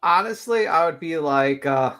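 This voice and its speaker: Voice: mid-range voice, expressive, moderate pace, fairly bright tone. Panelist in mid voice, loose casual delivery, full of "like" and swearing. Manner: casual, profane, filler-heavy. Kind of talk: casual live-stream chat.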